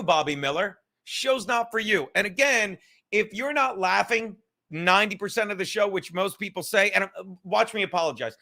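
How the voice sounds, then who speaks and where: Sharp in tone and sitting high, a man's voice carries a casual podcast rant. As host, he swears a lot and keeps dropping sarcastic asides.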